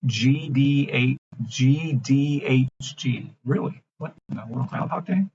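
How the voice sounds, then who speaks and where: Brash, husky man ranting on a livestream. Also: medium pitch, slow pace, lo-fi sound. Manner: brash, mocking, profane, swings between shouting and mumbling. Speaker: trading livestream host. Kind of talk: live-stream rant and chart reading.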